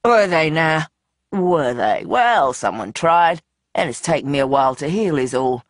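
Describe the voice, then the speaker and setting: A reader puts on a boozy, swaggering woman for an audiobook. She talks low and coarse, swearing with offhand mockery. The sound is close and dry. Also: lively intonation, measured pace, no room sound. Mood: mocking, offhand. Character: drunk, brash young woman camp leader.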